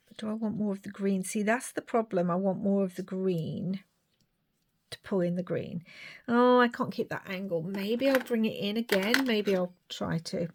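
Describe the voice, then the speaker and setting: Woman, crafting commentary, thinking aloud, slow pace, faint background noise. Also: medium pitch. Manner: chatty, thinking aloud, drops to whispers. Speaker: craft video maker.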